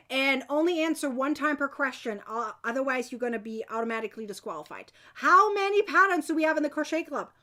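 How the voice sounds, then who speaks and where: Cheery high-voiced woman running a live giveaway stream, lots of woohoos. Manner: bubbly, cheering, quick bursts of excitement. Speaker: crochet channel host running a giveaway.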